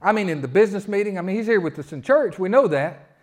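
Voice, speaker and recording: Pastor guy preaching in church, high-ish voice, gets loud then drops real quiet, talks like he's chatting with folks. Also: animated, fast. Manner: conversational preaching, swings from loud emphasis to quiet asides. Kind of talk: sermon. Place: church sanctuary.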